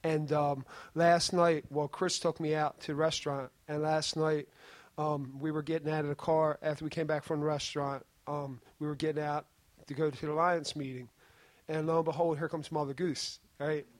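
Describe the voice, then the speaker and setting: A man's voice: a little high, level tone, normal speed, dry recording. A man giving a spoken testimony at a church meeting, telling a rambling story and often asking "right?".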